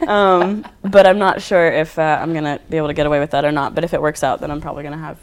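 A man's voice: on the high side, fairly even intonation, fast. A young man, a guest artist, chatting casually on a podcast, laid-back and rambling with lots of fillers. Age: young adult. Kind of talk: casual chat.

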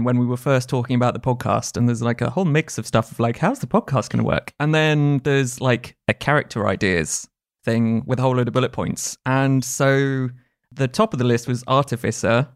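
A man's voice: mid-range voice, moderate pace. Man, casual chat, meandering, lots of "like" and restarts. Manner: meandering, many fillers and restarts. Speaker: podcast co-host and tabletop player.

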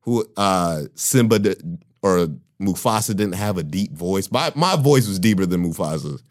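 A man's voice: low voice, lively intonation, normal speed. A man co-hosting a comedy podcast, joking in loose casual slang. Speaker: podcast co-host.

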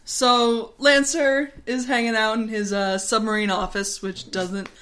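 A woman's voice: a little high, flat delivery, measured pace, a bit bright. A woman co-hosting a podcast, recapping a film in joking, profane, rambling chat. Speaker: podcast co-host. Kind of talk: casual movie recap chat.

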